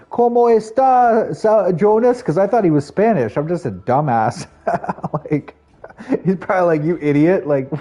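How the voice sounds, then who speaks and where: A young man live streaming and chatting casually with viewers, rambling, laughing at himself and jumping into high voices for quotes. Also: dark tone. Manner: rambling, self-mocking, laughs often, jumps pitch for quoted voices.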